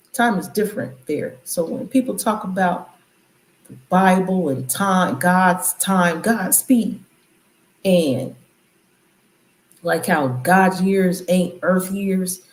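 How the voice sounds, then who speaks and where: Woman preaching casually in an echoey room. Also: on the low side. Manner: loose, conversational, preachy riffs. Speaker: channel host. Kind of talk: casual spiritual commentary.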